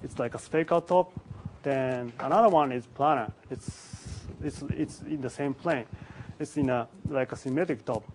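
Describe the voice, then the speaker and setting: A man giving a conference lecture on physics in a symposium room, speaking haltingly with many restarts and pauses. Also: mid-range voice, darkish tone, slight background noise, low-quality recording.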